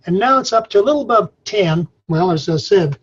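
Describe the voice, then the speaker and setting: A man's voice: high-pitched, lively intonation, brisk, breathy edge, highs cut off. An older man from Colorado giving a webinar lesson on farm stress, talking in a folksy storytelling manner. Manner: folksy, storytelling, says y'all. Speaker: extension speaker on farm mental health. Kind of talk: webinar presentation. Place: his office.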